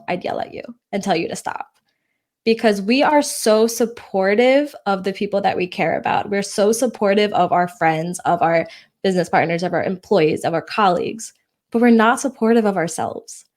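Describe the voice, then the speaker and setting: Young woman podcast cohost, mid-pitched, candid and encouraging, teases her partner a bit. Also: moderate pace. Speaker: podcast co-host. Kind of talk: casual podcast chat.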